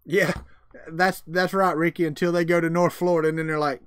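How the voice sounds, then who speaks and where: A man's voice: a little high, level tone, brisk, a bit bright, smooth, no echo, studio quality. A man with a Southern US accent hosting a casual livestream, chatting with viewers in a folksy, joking way. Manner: folksy, drawling, jokey. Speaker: livestream host. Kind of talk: casual chat with live viewers.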